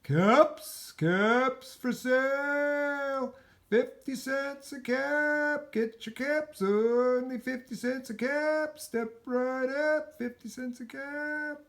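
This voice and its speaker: A man voicing an angry male cap peddler in a storybook, scolding in slow, drawn-out shouts. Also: extremely high pitch, sing-song, pitched above the performer's own voice, exaggerated voice. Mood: hawking loudly.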